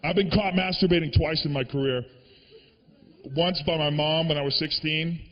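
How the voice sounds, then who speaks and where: A man from the Boston area performing a stand-up comedy set, telling stories in an animated, profane way. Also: on the high side, moderate pace, big-room sound, dull audio.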